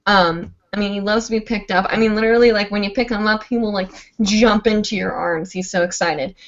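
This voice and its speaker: A woman's voice: mid-range voice, steady tone, fairly quick. A woman hosting a live online show, chatting casually and rambling with lots of "like" and "um". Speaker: host of a live hooping show. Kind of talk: casual livestream chat. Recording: dull lo-fi livestream audio.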